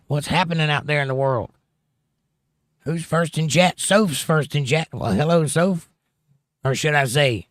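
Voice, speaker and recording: A man's voice: on the high side, normal speed, long pauses, a bit bright, dry recording, studio quality. A middle-aged man hosting a live stream, chatting casually with his viewers in a sarcastic, joking, folksy way.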